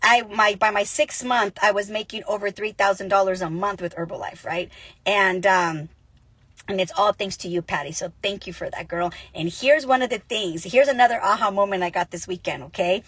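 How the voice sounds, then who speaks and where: A woman giving an energetic, chatty motivational talk as a business coach, telling stories with lots of animation. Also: medium pitch, moderate pace, slightly rough, no room sound. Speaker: network marketing coach. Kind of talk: motivational casual vlog.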